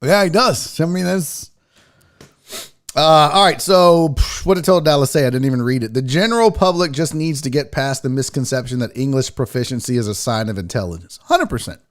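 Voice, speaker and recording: A man's voice: mid-range voice, fairly quick. A man from the American South hosting a casual sports talk livestream, brash and profane, joking and chatting with his viewers. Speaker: sports talk show host.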